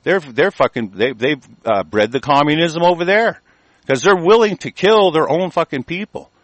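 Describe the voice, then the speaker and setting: A man hosting a radio show, delivering an angry, profanity-filled monologue full of halting restarts. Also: fairly high pitch, expressive, fairly bright tone, no room sound, rough recording. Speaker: radio host.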